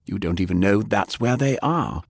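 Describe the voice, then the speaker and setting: Brief: stern older elder, controlled and commanding, deep and flat in the room, as a man voices him. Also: moderate pace, creaky, breathy edge, no echo, studio quality, full character voice. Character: gruff older male elder, stern and secretive.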